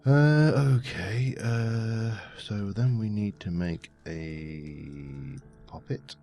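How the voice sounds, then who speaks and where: A man's voice: on the low side, very slow, dark tone. A man giving rambling, muttering commentary while playing a game. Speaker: let's play host. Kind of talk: casual gameplay commentary. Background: faint background music.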